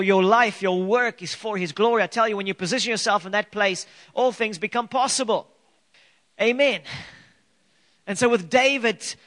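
A man preaching a sermon as pastor, earnest and emphatic, firing off rhetorical questions and slowing down to stress key phrases. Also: high voice, a bit bright.

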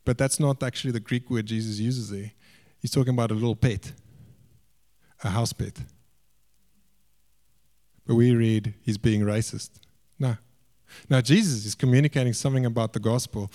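A man preaching a sermon, swinging between raised, emphatic lines and quiet, hushed asides. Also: medium pitch, fairly even intonation, moderate pace, pauses often.

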